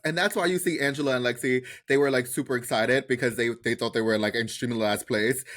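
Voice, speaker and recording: A man in a laid-back podcast recap who keeps slipping into little impressions of the people he's describing. His pitch sits in an ordinary middle range, and his talk stays lively and conversational. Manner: animated, acts out quotes from the show. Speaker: podcast co-host. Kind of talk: casual TV recap chat.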